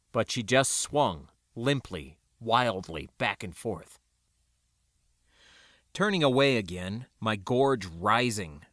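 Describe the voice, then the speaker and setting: A man narrating a first-person story aloud in an expressive reading. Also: mid-range voice, no echo, studio quality. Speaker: audiobook narrator.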